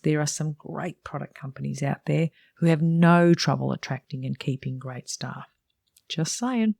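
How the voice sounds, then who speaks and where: A woman's voice: deep voice, vocal fry, dark tone, no room sound. Frank, chatty middle-aged woman, dry sound. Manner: frank, chatty, wry asides. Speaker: salon business mentor and podcast host. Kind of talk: reading her own book aloud.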